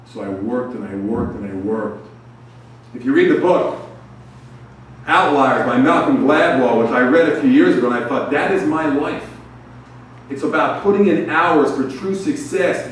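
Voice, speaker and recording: A man's voice: medium pitch, slight background noise. Man telling stories in an echoing hall. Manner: storytelling, acting out dialogue. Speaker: banquet speaker. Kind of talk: motivational speech. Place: banquet hall. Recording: echoey hall, far from mic.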